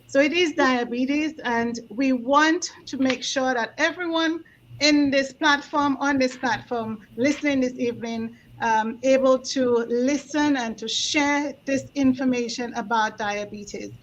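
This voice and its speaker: A woman's voice: high voice, a little slow, a little hiss or hum. A woman hosting an online health show, welcoming her guest with a hesitant manner and many restarts. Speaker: host. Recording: slightly dull lo-fi audio.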